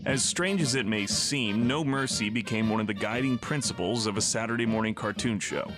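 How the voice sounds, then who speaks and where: A man narrating a documentary in a measured, storytelling way. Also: lowish voice, fairly bright tone. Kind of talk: scripted narration. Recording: voice-over with music bed.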